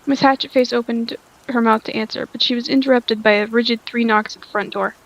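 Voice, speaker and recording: A woman's voice: a little high, steady tone, brisk, highs cut off. A woman reading a story aloud, sounding tired, stumbling over lines and rereading them. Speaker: story reader.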